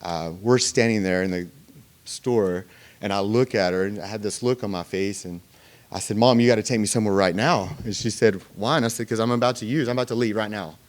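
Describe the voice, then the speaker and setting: A man telling his recovery story to a meeting in a loose, conversational way. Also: lowish voice. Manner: conversational storytelling, many fillers and pauses. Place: meeting room.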